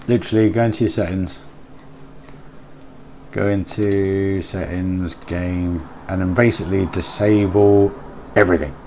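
A man's voice: low voice, a little mellow, a little hiss or hum. A man live streaming a building game, chatting casually, reading and answering his chat aloud and muttering to himself as he works.

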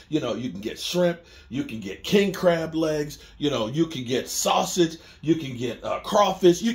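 A middle-aged man talks sports in a loose, rambling monologue, circling back and repeating phrases. His voice sits high for a man and swings widely up and down. The sound is roomy, with a noticeable echo. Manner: animated, repetitive, conversational. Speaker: sports commentator. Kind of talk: casual sports talk monologue.

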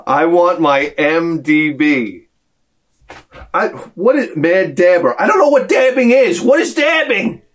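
Animated, rambling vlogger man. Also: sits high, slow pace. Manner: rambling, animated storytelling with frequent exclamations. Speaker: YouTube collector vlogger. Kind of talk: casual unboxing vlog.

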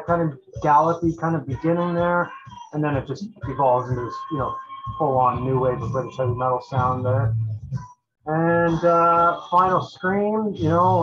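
A man's voice: on the high side, a bit bright. Man rambling about metal, lo-fi sound. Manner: rambling, loose, full of fillers and restarts; enthusiastic metal fan talk. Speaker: channel host reviewing albums. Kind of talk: casual album run-through. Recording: dull lo-fi recording.

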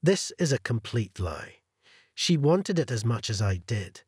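A man's voice: medium pitch, big pitch swings, measured pace, a little mellow, breathy edge, no room sound, clean studio sound, exaggerated voice. A man reading the lines of an angry, cornered man in a spoken story, protesting indignantly.

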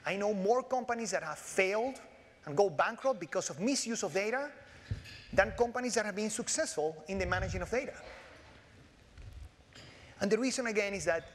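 A man with a Latin American Spanish accent delivers a keynote in a large conference hall, and the long reverb of the room trails after his words. His voice sits high for a man. He jokes with the audience and restarts his sentences often. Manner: animated, joking, with frequent restarts and fillers. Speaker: keynote speaker.

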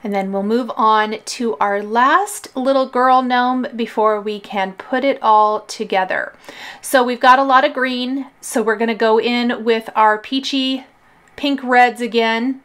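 A woman hosting a card-making tutorial, calmly explaining each coloring and gluing step in a relaxed, chatty way. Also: fairly high pitch, a little slow, clear, resonant tone. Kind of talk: craft tutorial voice-over.

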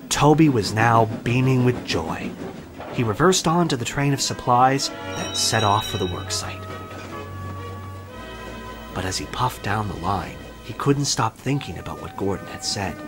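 A man narrating a children's railway story in an expressive storybook style, over background music. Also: mid-range voice, a little slow.

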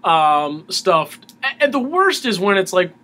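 A man, a musician guest in an interview, talking casually in a halting way with many restarts. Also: high-pitched, sing-song, pushed and bright.

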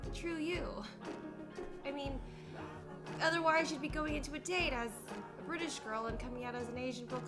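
A woman comedy vlogger narrating a sketch to camera in a playful, sarcastic way. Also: high voice. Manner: playful, sarcastic, giggly asides.

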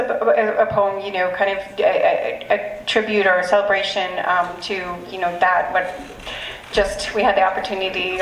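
A woman's voice: medium pitch, slight background noise. A woman poet speaking hesitantly and with emotion at a live reading as she introduces her last poem. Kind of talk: live poetry reading remarks. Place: live reading event in a room. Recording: echoey room, mic at a distance, faint ambience.

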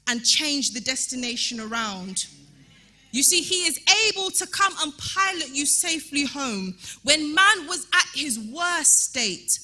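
A woman preaching a sermon in a church, emphatic and repetitive, rising at times to shouting. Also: high-pitched. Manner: emphatic, repeats rhetorical calls, rises to shouting.

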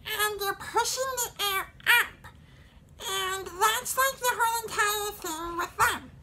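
Squeaky little robot. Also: male voice, slow, pushed and bright, slight background noise, exaggerated voice. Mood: chatty. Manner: pushed up high, explaining chattily. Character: squeaky high male robot sidekick.

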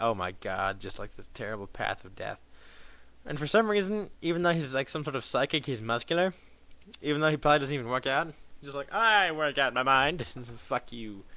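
Guy doing profane let's play commentary, sarcastic and excitable, average pitch. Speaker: gameplay commentator.

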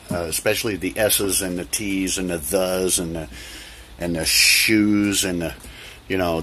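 Standing by an open door as it rains, a man with a deep, slightly bright voice talks casually to the camera. His vlog is chatty, repetitive and full of ums, with a light patter of rain in the background.

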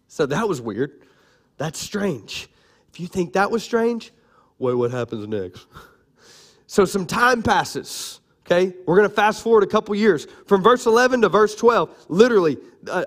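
A man pastor preaching a sermon in church, animated and playful, calling out to his congregation. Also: on the high side.

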